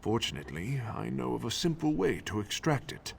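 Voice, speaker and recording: An actor voicing a calm, scheming male ally in a video game, measured and commanding. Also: mid-range voice, vocal fry, a little hiss or hum.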